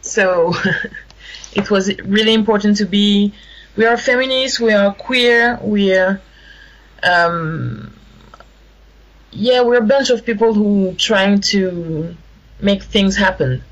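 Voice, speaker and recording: A woman with a French accent, a guest in a radio interview, speaking haltingly and searching for words in English. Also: medium pitch, muffled recording. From France. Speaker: guest, activist.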